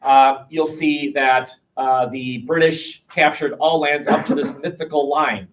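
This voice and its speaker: A male history teacher giving a classroom lecture, animated and jokey, with many restarts and fillers. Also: fairly high pitch, a little slow, distant mic, poor audio.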